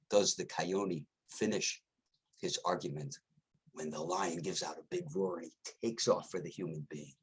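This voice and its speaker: A man, a rabbi, giving a short sermon as an expressive storyteller. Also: low voice, a little slow, husky.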